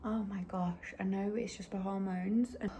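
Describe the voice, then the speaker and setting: A woman's voice: medium pitch, steady tone, normal speed. Woman, thirties, diary vlogger, chatty and emotional, faint hiss on the track. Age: 30s. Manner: chatty, emotional, drops to a hushed near-whisper at times. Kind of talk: casual diary vlog. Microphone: handheld camera.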